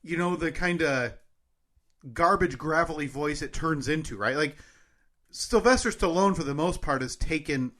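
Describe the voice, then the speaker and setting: Bright-voiced joking male podcast host. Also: a little high, moderate pace. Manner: joking, laughs often. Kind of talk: casual chat.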